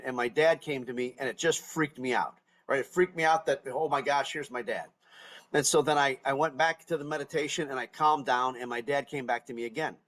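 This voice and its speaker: A man's voice: mid-range voice, fairly bright tone. A middle-aged man hosting a podcast, speaking earnestly and emphatically, often repeating and restarting words. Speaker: podcast host. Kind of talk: casual interview chat.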